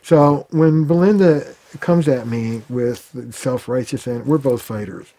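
Male therapist guest: mellow, relaxed tone; lively storyteller who slips into quoted voices. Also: on the low side. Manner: animated, acts out quoted arguments. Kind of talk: conversational interview.

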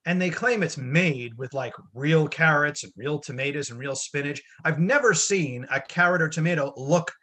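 A man's voice: fairly high pitch, moderate pace, few pauses, pushed and bright. A man co-hosting a casual chat, telling a wry, exaggerated story about family life. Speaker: podcast co-host, dad.

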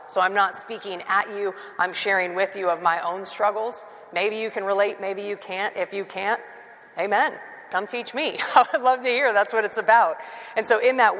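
A woman preaching in a mid-pitched voice, telling lively personal stories and acting out both sides of a conversation with quick laughs. Her voice rings out in a large hall with a long reverb tail. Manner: animated storytelling, quick laughs, acts out dialogue. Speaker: Christian speaker.

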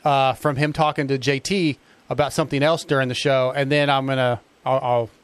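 A man's voice: medium pitch, flat delivery, brisk, smooth, dry recording. A man hosting a motocross talk show, casually leading his guests through the discussion. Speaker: podcast host.

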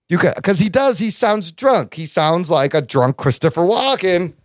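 Male podcast host, high and dry-voiced, excitable and chatty. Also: unhurried, no room sound. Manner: excitable, laughs often, reads listener mail aloud. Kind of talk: casual podcast chat.

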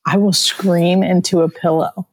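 A woman's voice: fairly low pitch, flat delivery, unhurried. A woman guest on a podcast who works as a nurse, talking in a chatty, self-mocking way. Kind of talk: casual interview chat.

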